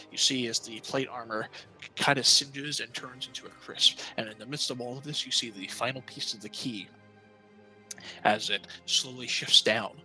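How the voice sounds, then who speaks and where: A man narrating a tabletop game as game master, descriptive and halting, with many fillers. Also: on the low side, bright, forceful tone, rough recording.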